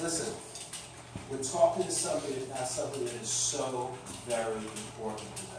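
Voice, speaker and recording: A middle-aged man giving a sales training lecture to a class, coaching in an animated way. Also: on the high side, background noise. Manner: animated coaching, demonstrates with his voice. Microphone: distant room mic. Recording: echoey room recorded from far off.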